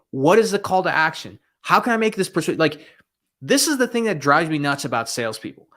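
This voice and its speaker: Male sales coach for a live stream: blunt and emphatic, pushes hard, with a voice sitting a bit high. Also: fairly bright tone. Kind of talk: motivational live-stream talk. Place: room with bookshelves behind him.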